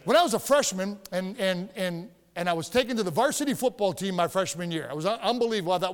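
High-voiced preacher in a reverberant church. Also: male voice, lively intonation, quick pace, few pauses. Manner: storytelling, emphatic, rising to shouts. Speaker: pastor. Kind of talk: sermon. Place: church sanctuary. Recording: long reverb of a church hall.

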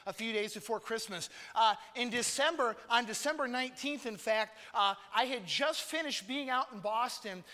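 A man's voice: extremely high pitch, normal speed, hardly any pauses, pushed and bright. A man in his thirties preaching a conversational sermon as a missionary, telling a personal story earnestly and calling on listeners by name. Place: church hall. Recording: long hall reverb.

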